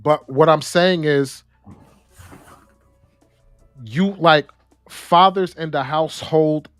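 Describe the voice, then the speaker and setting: Animated casual man, dry close sound. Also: a little high, takes it slowly, dry recording, faint music behind. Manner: animated, repeats words, slang-heavy. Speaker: podcast co-host. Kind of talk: casual discussion.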